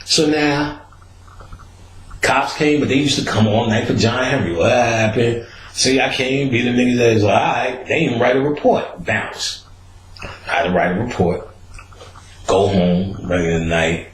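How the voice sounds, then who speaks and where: A man's voice: mid-range voice, unhurried, a little hiss or hum. A man telling a street story in a casual, profane, streetwise way, often laughing at his own tale. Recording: roomy echo.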